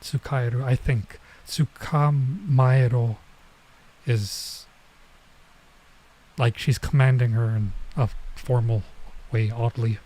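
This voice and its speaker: A man streaming as he reads a manga aloud, thinking out loud and hesitating while he works out translations. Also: medium pitch, fairly even intonation, slow pace, long pauses, low-quality recording.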